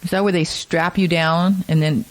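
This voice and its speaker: A woman's voice: fairly low pitch, steady tone, moderate pace, poor audio. A woman co-hosting a radio talk show, chiming in briefly and playfully in casual chat.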